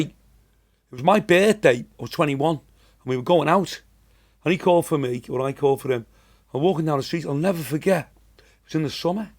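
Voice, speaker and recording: A man in his sixties with a Liverpool accent spins rambling, chatty anecdotes. His voice sits a touch higher than most men's, and he tells his stories like a seasoned comedian. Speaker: comedian guest. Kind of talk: casual storytelling.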